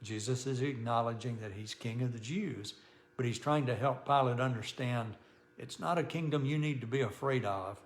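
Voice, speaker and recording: A man, a pastor, leading a relaxed Bible study, talking conversationally, often restarting sentences and chuckling as he reads scripture aloud. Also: medium pitch, normal speed. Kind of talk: informal Bible study teaching.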